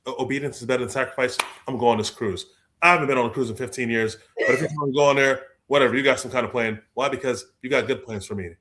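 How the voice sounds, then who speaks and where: A young adult man, a guest author telling stories in a lively way, acting out the people he quotes. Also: medium pitch, fast talker. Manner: expressive, acts out quoted voices, repeats words. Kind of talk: animated storytelling in conversation.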